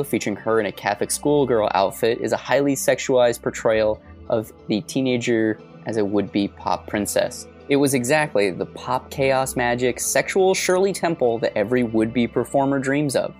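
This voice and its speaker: A podcast co-host reading a prepared script in a steady, even manner. Faint music plays underneath. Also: medium pitch, moderate pace. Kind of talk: reading scripted narration and casual chat.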